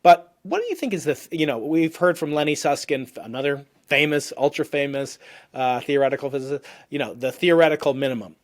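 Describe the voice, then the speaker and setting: A man's voice: on the high side, fairly quick. A man in his fifties, a physicist hosting an interview, who rambles through questions with frequent restarts. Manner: rambling, restarts, many "you know"s. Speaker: podcast host, physicist. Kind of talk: conversational interview.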